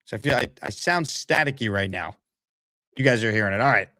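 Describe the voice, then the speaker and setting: A man hosting a live sports talk stream, energetic and hyping his audience. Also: on the low side, brisk, no room sound. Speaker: sports talk show host. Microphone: streaming setup mic.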